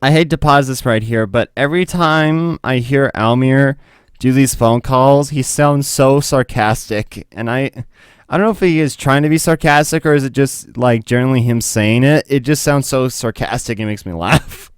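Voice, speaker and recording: A man's voice: mid-range voice, moderate pace, clean tone, no room sound, clean studio sound. A man hosting a gaming video, chatting casually and laughing at the clips. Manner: amused, chatty, laughs a lot. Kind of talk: casual commentary.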